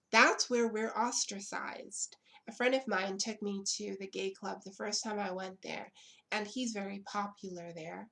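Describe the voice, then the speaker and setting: A young woman vlogging straight to camera, emphatic and blunt, repeating her lines for effect. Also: mid-range voice. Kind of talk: impassioned direct-to-camera commentary.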